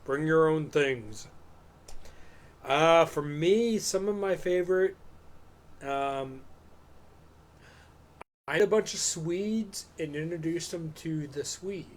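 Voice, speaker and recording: On a live stream show, a male podcast co-host rambles through a story in a casual, profane way. His voice runs on the high side, and he takes it slowly with frequent pauses, keeping the storytelling loose and animated.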